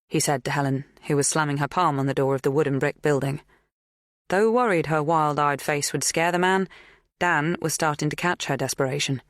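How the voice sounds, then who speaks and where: Measured audiobook narrator, dry sound. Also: medium pitch, no room sound.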